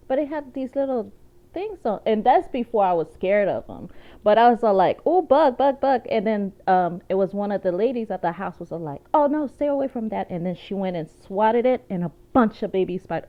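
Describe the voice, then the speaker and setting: A woman vlogger in casual chat, telling animated stories with laughs and asides. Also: lowish voice. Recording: dull lo-fi sound.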